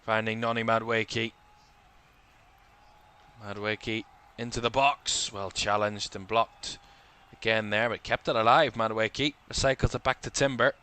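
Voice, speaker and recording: A man calls a football match live for a watchalong stream. He rattles off player names in clipped bursts and lifts his voice as attacks build. His tone is bright and his voice crisp and clean, a little tired. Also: on the low side, fairly even intonation, measured pace. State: tired, yawning. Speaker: football commentator.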